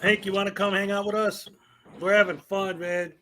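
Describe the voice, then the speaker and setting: A man's voice: sits high, flat delivery, moderate pace, bright, forceful tone, a little hiss or hum. A man co-hosting a casual livestream over a call, laughing a lot and cheering his partner on. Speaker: co-host on a stream call. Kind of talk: casual live-stream chat.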